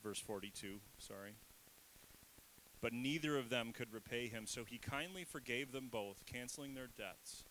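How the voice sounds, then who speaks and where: A man's voice: mid-range voice, moderate pace, fairly bright tone, slight background noise, rough recording. A man in his thirties, a pastor giving a conversational sermon with candid, self-deprecating asides. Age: 30s.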